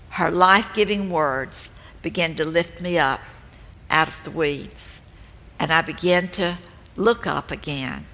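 An older woman giving a slow, gentle and earnest devotional teaching talk. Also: fairly low pitch. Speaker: speaker at a women's ministry event. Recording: long hall reverb.

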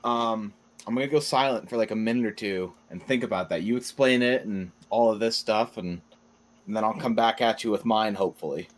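A man co-hosting a casual podcast, answering in a dry, measured and sceptical way. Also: fairly low pitch. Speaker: podcast co-host.

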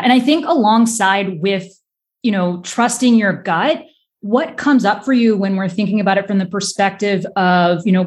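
A woman hosts a podcast interview with a mid-range voice. She affirms her guest warmly in words and asks reflective, open questions. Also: mid-range voice. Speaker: podcast host.

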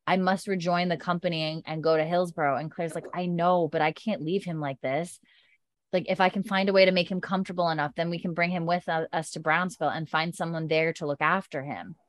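A woman's voice: on the low side, a little fast, no room sound. Chatty woman with a dry close sound. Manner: animated, acts out characters' lines with swearing. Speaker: show recapper. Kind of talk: casual chat recapping a TV episode.

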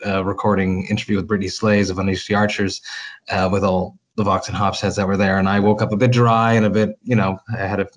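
A man's voice: low-pitched, level tone, fast. A man, a metal vocalist, chatting casually and enthusiastically as an interview guest, rambling with restarts.

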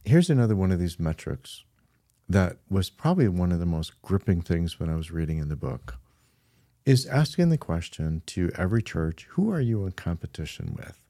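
A man's voice: deep voice, very animated, normal speed, warm tone, no room sound, studio quality. A man who co-hosts a church podcast as a pastor, speaking earnestly and adding emphasis to key points in casual conversation.

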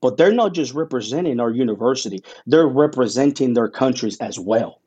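A man being interviewed, a play-by-play broadcaster telling his story in an animated, emotional way. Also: medium pitch, breathy edge, lo-fi sound. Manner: animated and emotional, with dramatic pauses.

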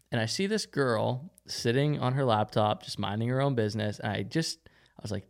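A young BMX rider chats casually as a podcast guest in an interview, laid-back and laughing often, using "like" as filler constantly. His voice is medium-pitched and a little fast.

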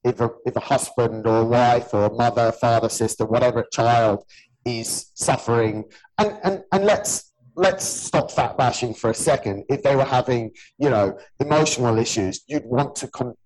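A man's voice: medium pitch, normal speed, darkish tone, poor audio. A man in his early forties, a gym owner, talks bluntly and earnestly in a casual podcast chat. He swears freely and keeps calling the other man "mate". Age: 40s. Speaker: gym owner and personal trainer, podcast host.

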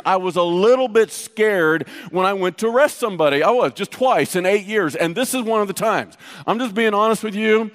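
Middle-aged male pastor, high voice, chatty storytelling sermon, long hall reverb. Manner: storytelling, conversational, teasing the audience.

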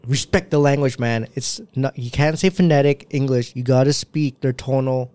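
A man's voice: mid-range voice, steady tone, moderate pace, warm tone, smooth, dry recording. Man explaining in a dry room. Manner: patiently explaining, laughing often. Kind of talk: casual chat.

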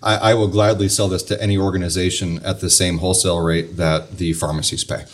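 A man speaking as a guest on a podcast, relaxed and chatty in casual talk. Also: sits low, brisk. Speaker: guest entrepreneur. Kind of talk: casual interview chat.

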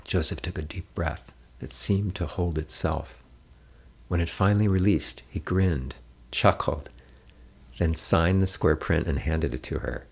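Man narrator, very deep voice, steady measured reading, audiobook. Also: creaky, husky. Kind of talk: scripted narration.

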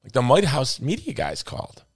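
A man's voice: medium pitch, moderate pace, husky, dry recording, clean studio sound. A middle-aged man hosting a podcast, telling a story in casual chat and acting out the voices of the people he quotes. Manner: animated, acts out quoted voices, says dude and brother. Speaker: podcast host.

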